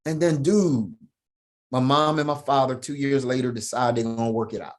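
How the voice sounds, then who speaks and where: A middle-aged man speaks as a podcast guest, emphatic and heartfelt. His voice sits in an ordinary middle pitch, and he keeps punctuating his story with "right?" and "man". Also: steady tone, normal speed. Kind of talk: personal storytelling in an interview.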